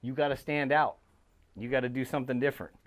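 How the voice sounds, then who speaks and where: A man in his thirties, a father of two and former pro ball player, gives a motivational talk to young players, telling his story with lively emphasis and calling them guys. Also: mid-range voice, quick pace. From Southern California. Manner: animated storytelling, addresses listeners as guys.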